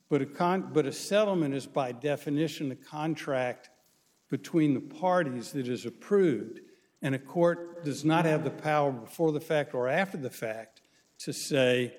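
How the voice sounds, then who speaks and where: A man's voice: on the high side, darkish tone. Guy lawyer making his case, stops and restarts a lot, long courtroom reverb. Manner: halting, restarts and self-corrections, measured. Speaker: lawyer arguing an appeal. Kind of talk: courtroom oral argument.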